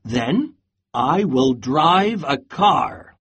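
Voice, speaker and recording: Nervous storybook pig, put on by a reader, slow, lively pitch, husky. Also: full character voice. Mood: eager. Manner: slow, deliberate storybook delivery. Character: anxious pig planning a trip. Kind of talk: storybook read-aloud.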